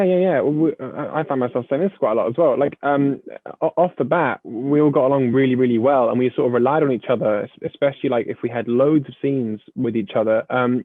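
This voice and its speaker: A man's voice: mid-range voice, no room sound. A young man talks through an interview, modest and rambling, tripping over restarts. His voice comes through a tinny, phone-like line with a dry sound. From United Kingdom. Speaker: actor, interview guest. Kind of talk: casual interview chat.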